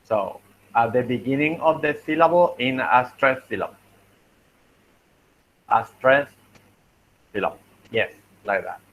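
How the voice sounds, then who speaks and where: A man teaching a linguistics class, talking slowly and thinking aloud as he works through examples. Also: mid-range voice, muffled recording. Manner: slow, thinking aloud while writing, frequent "okay" and "let me see". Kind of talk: online class lecture.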